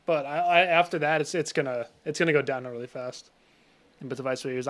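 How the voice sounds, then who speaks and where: A man's voice: a little high, quick pace, sharp tone. A young man casually commenting on his game during a live stream, chatty and reacting to chat, often breaking off mid-sentence. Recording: faint music behind.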